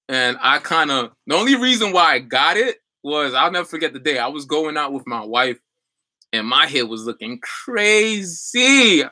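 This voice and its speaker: Young man, livestream coach, chatty, filler-heavy, bright tone, dry sound. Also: mid-range voice, no room sound. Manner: loose and chatty, many fillers and restarts. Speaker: online business coach on a livestream. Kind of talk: casual livestream chat reading viewer comments.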